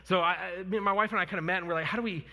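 A man's voice: sits high, fairly even intonation, rapid-fire, bright, forceful tone. A man in his thirties preaching a sermon and leading prayer, earnest and conversational, with fillers and restarts. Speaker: pastor. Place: church sanctuary. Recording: long reverb of a church hall.

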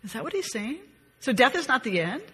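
A woman's voice: sits high, sing-song, fairly quick, fairly bright tone, slightly rough, big-room sound. A woman leading a conversational Bible study, reading scripture aloud with expression and then musing on it in a chatty, reflective way. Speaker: Bible teacher.

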